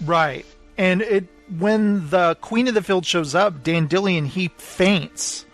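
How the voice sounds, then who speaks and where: A man's voice: high-pitched, slow pace, soft background music. A man co-hosting a podcast, casually recapping a book and acting out its quotes. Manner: retells scenes, acting out quotes. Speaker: podcast co-host. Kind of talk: casual book club chat.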